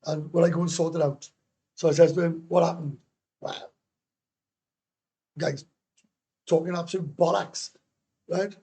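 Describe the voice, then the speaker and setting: A middle-aged Welshman runs a casual livestream, bluntly rambling, cursing and handling comments from his viewers. He speaks on the high side, a little mellow, with a breathy edge.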